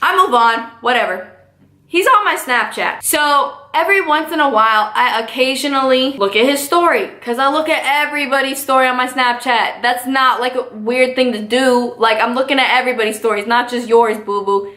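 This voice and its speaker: A young woman telling a story in a casual vlog, sassy and animated, full of slang. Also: sits high, moderate pace, roomy sound. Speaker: vlogger.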